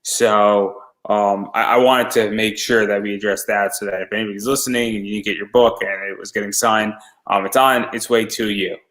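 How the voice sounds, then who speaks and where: A man's voice: fairly low pitch, steady tone, brisk, few pauses, fairly bright tone, rough recording. A man from the United States hosting a casual interview, chatty and self-deprecating, often restarting his sentences. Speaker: podcast host.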